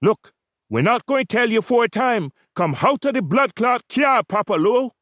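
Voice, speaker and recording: A man's voice: very high voice, expressive, moderate pace, fairly bright tone, no room sound, clean studio sound, voice pushed up. A man voicing a blustering Jamaican police sergeant who barks orders and mocks the men he stops, with a Jamaican accent. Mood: commanding. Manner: barking orders, insulting and mocking.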